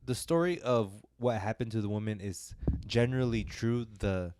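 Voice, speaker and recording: A man's voice: on the low side, fairly even intonation, normal speed, a little mellow, slight background noise. A young man co-hosting a film podcast, talking in a loose, rambling way with lots of fillers and self-deprecating asides. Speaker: podcast co-host reviewing films. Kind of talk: casual podcast chat.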